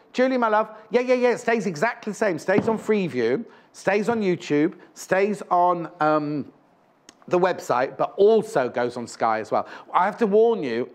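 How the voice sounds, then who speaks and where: A man fronting a live TV shopping show, his voice sitting a little higher than most men's. He chats freely, wanders off on tangents and corrects himself mid-sentence, then comes back to the prices. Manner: chatty, rambling, self-correcting. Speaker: shopping channel presenter. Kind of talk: live TV selling chat. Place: TV studio.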